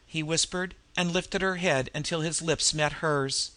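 A man reading a novel aloud in measured storytelling narration. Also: a little high, fairly even intonation, pushed and bright, no room sound. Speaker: audiobook narrator. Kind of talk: scripted narration.

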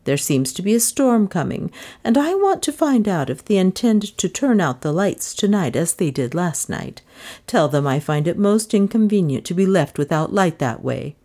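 A prim, composed older lady who gives orders crisply to her maid. A woman narrator plays her with a voice that ranges widely in pitch and sits a little low. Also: sing-song, normal speed, warm tone. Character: prim elderly spinster mistress of the house.

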